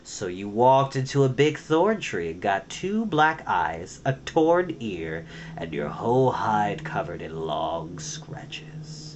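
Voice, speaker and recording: A man's voice: mid-range voice, expressive, brisk, few pauses, sharp tone, slight background noise. A man voicing a cunning, menacing male rat warlord who speaks with sarcasm and snarls his threats in a storybook reading. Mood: snarling.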